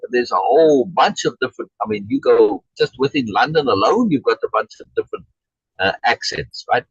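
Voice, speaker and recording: A man leading a casual online Shakespeare session. His voice swings up and down a lot and has a husky edge. It comes through a dry, slightly muffled video call line. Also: mid-range voice, no echo. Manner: explains with many restarts and "right?" checks, reads chat comments aloud. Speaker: Shakespeare reading group leader. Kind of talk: casual online teaching chat.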